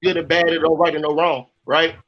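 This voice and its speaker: A man's voice: a little high, level tone, brisk, highs cut off. A man hosting a casual panel discussion, blunt and profane, rambling as he talks. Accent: put-on made-up accent at times. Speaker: host of the panel stream.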